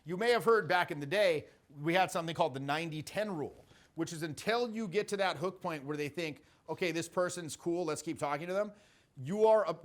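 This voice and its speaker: A man's voice: on the high side, fairly bright tone. A middle-aged man coaching social skills in a brash, profane way, acting out sample lines as he goes. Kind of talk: casual coaching talk.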